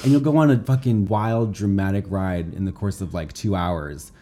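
A man chatting casually as a podcast guest, laughing often, with a camp, drawn-out delivery. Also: sits low, mellow, a little hiss or hum. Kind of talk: casual chat.

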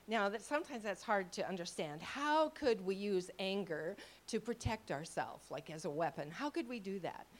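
A woman's voice: mid-range voice, animated, moderate pace, hardly any pauses. Woman preaching with stories. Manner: storytelling, quotes people in dialogue; asks the audience questions. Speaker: ministry speaker. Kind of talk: sermon with slides.

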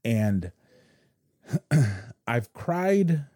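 A man co-hosting a podcast, telling a personal story in casual chat, halting and restarting his sentences. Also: medium pitch, big pitch swings, dark tone, husky, no room sound, studio quality. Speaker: podcast co-host. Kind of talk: casual conversation.

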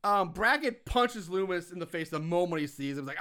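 A man's voice: on the high side, animated, normal speed, hardly any pauses, pushed and bright, clear, resonant tone. A man co-hosting a casual chat, recapping a film with profanity and laughter, acting out quotes with big swings in voice. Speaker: podcast co-host recapping a film.

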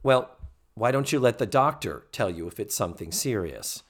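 A man's voice: medium pitch, normal speed. A man co-hosting a podcast, recapping a TV episode in casual chat and sounding exasperated. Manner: animated, exasperated critique with frequent "yeah". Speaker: podcast co-host.

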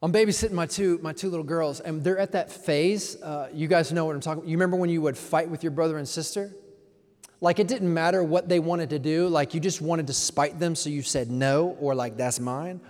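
Young male pastor, slangy, dynamic sermon delivery, slightly high voice, reverberant hall sound. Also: a little fast. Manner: energetic preaching, swings from soft to loud.

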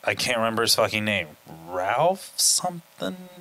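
A man's voice: fairly low pitch, big pitch swings, moderate pace, sharp tone. A man co-hosting a podcast, chatting casually in a rambling, joking way with many fillers. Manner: rambling, jokey, lots of fillers. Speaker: podcast co-host. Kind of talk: casual chat.

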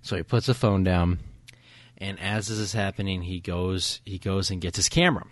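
A man's voice: deep voice, moderate pace, no echo. A man co-hosting a casual film podcast, retelling a scene with eager, filler-heavy enthusiasm. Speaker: podcast co-host. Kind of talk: casual film review chat.

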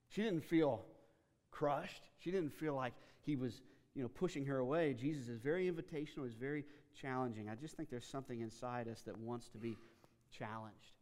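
Man, pastor, casual animated sermon, mid-pitched voice, long church reverb. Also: brisk. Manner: conversational, animated storytelling with repeated restarts.

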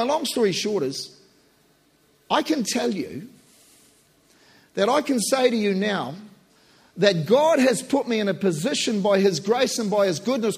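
A man preaching as a pastor, rising to shouts and slowing into hushed prayer. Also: sits high, slightly rough. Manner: impassioned, shouting at peaks then slow and hushed in prayer. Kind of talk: sermon and prayer.

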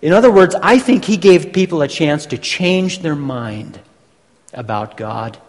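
Slow, high-voiced preacher in a hall. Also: male voice, animated. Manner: slow, deliberate teaching with emphatic pauses. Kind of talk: sermon. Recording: long hall reverb.

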